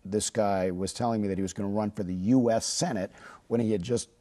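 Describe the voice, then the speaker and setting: A man's voice: lowish voice, fairly even intonation, fairly quick, mellow. A man in his fifties from the Midwest, a journalist telling stories in a studio interview, full of fillers and restarts. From Chicago. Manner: hesitant, many fillers and restarts. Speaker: journalist guest. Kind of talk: studio interview, relaxed storytelling.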